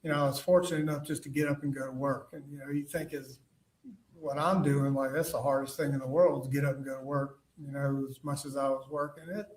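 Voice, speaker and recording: A man giving witness testimony in court, telling his story haltingly with lots of fillers and restarts. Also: mid-range voice, level tone. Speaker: trial witness. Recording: roomy, distant courtroom mic.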